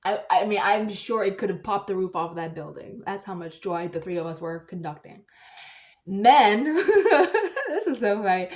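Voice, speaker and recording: A woman vlogger telling a personal story in a chatty, rambling way, breaking into loud excited bursts. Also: mid-range voice, normal speed.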